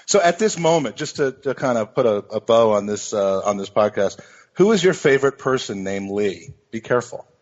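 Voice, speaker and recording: A man's voice: mid-range voice, lively intonation, moderate pace, muffled recording. A man co-hosting a podcast, chatting casually and teasing his guest with rambling restarts. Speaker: podcast co-host.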